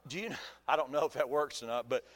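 A man preaching a sermon as pastor, folksy and animated, with humor and rhetorical questions to the congregation. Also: mid-range voice, quick pace, big-room sound.

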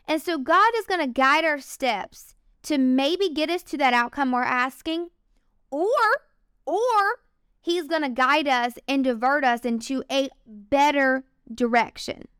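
A woman's voice: high-pitched, a little slow, fairly bright tone, dry recording, clean studio sound. A young woman giving an earnest, emotional faith testimony, talking straight to her viewers. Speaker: faith vlogger. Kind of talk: personal testimony talk.

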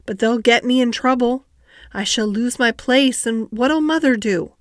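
A woman's voice: a little high, lively intonation, normal speed, fairly bright tone, no echo, studio quality, voice pushed up. A woman voicing an anxious young maid with a broad Yorkshire accent. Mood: frightened. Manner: fretful, broad dialect.

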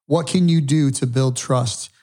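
A man co-hosting a podcast, speaking reflectively and often pausing to restart his sentences. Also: medium pitch, darkish tone. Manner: reflective, halting with frequent restarts. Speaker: podcast co-host. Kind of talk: conversational podcast talk.

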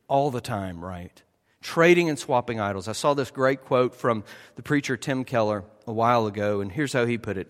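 A man preaching a sermon in a conversational way, often checking in with his listeners with a quick "right?". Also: mid-range voice. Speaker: pastor. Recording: long hall reverb.

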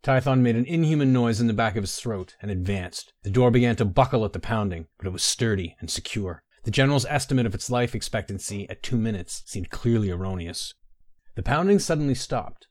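A man narrating a fantasy story in a measured, even storytelling manner. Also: lowish voice, dry recording, clean studio sound.

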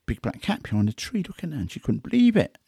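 A fast-talking man with a fairly high, gravelly, husky voice plays a big cat investigator sharing stories in a conversational style. Animated throughout, he performs the quotes and sounds himself, recorded in a dry, clean studio.

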